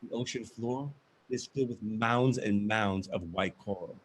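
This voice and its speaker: A man's voice: on the low side, measured pace, a little hiss or hum. A man performing a first-person monologue as a live theatrical reading, telling his story expressively.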